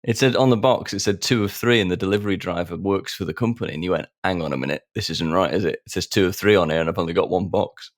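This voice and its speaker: This podcast co-host has a low voice and talks fast with hardly any pauses, captured in studio quality without echo. His casual banter is jokey and self-mocking, full of laughter.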